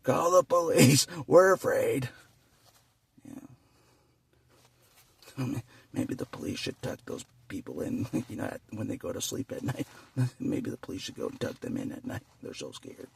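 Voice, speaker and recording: A man with a heavily gravelly, raspy voice talks through a loose, rambling vlog monologue. He chuckles often and circles back over the same points. His voice sits a little away from the mic and rises and falls a lot. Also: fairly low pitch, sing-song, brisk, a little mellow, recorded from a distance. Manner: chuckles often between phrases, repeats himself. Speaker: vlogger.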